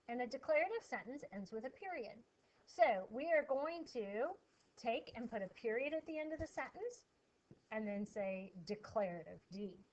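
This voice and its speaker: In a classroom lesson video, a female teacher explains a lesson to her pupils, coaxing them along with questions and reading the examples aloud with emphasis. Her voice is fairly high, and the recording is rough.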